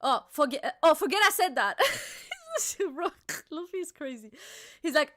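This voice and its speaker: A young woman co-hosting a casual live reaction chat, excitable and giggly, with lots of slang and restarts. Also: high voice, unhurried, dry recording, clean studio sound. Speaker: co-host reacting to a manga chapter.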